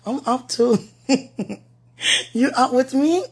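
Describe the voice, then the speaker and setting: A woman vlogger rambling affectionately to her viewer in a late-night talk to camera, often trailing off soft. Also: high voice, slow. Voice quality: very husky, breathy.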